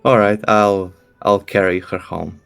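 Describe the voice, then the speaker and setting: Stammering low-voiced game player. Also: male voice, steady tone, unhurried, gravelly, a bit bright, clear, resonant tone, soft background music. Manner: hesitant, stammering. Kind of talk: playing a tabletop game.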